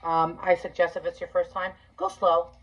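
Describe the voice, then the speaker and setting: A woman's voice: fairly low pitch, level tone, moderate pace, highs cut off. A woman hosting a casual craft tutorial, chatty and full of ums and likes as she walks through each step.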